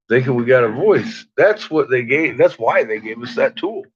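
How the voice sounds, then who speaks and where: A man's voice: medium pitch, lively intonation, normal speed, a crowd in the background. A man hosting a late-night livestream, ranting profanely at his chat and often breaking into laughter. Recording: dull lo-fi stream audio.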